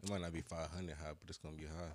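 A man co-hosting a podcast in casual chat, low-key and slangy with some cursing. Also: level tone, very fast. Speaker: podcast co-host.

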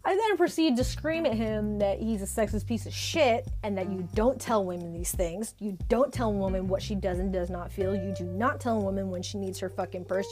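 Indignant, swearing young woman ranting. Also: a little high. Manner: profane, indignant, laughing often. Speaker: storyteller recounting a date. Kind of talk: casual storytime rant.

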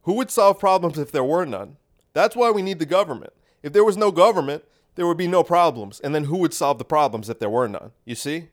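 Sarcastic man with a slightly high voice. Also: brisk. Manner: sarcastic, rambling, deadpan asides. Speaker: podcast host. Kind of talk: sarcastic comedic monologue.

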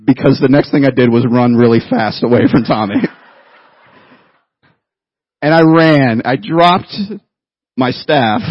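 A man in his thirties, a pastor, preaching a sermon and telling a childhood story in an animated way, laughing at himself. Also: fairly high pitch, dry recording, muffled recording.

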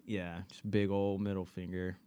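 A man co-hosting a podcast in casual chat, relaxed and rambling, with ums and frequent laughs. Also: low-pitched, normal speed, smooth. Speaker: podcast co-host.

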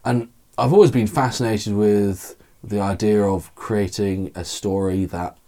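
Mellow low-voiced man, meandering guest. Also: fairly even intonation, measured pace. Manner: thoughtful, meandering, many fillers. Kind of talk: casual podcast chat.

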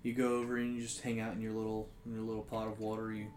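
A man narrating as game master of a tabletop game, in a casual, low-key way. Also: monotone, very fast, darkish tone, a little hiss or hum. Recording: roomy echo, music behind.

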